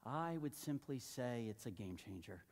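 A man's voice: medium pitch, animated, moderate pace, a little mellow, husky. A male pastor preaching a sermon in a loose, conversational way, joking and putting questions to the congregation. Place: church sanctuary. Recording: long reverb of a large hall.

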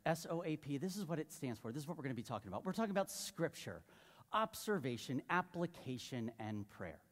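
Joking male pastor in a reverberant hall. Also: a little high. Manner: conversational, joking, asks the congregation questions. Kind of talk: sermon. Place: church sanctuary. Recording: long reverb of a large hall.

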